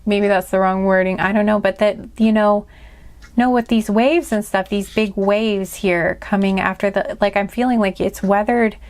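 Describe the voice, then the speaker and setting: A woman's voice: mid-range voice, fairly even intonation, normal speed, darkish tone. A woman giving a casual spiritual card reading to her viewers, earnest and gushing, rambling with many restarts and fillers. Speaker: tarot and oracle card reader.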